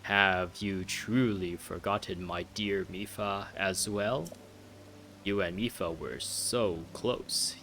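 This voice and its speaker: A man voicing a giant, fatherly old fish king in a put-on British accent, reading game dialogue slowly and formally. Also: fairly low pitch, fairly bright tone, a little hiss or hum, heavily acted, low-quality recording. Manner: slow, stately and formal.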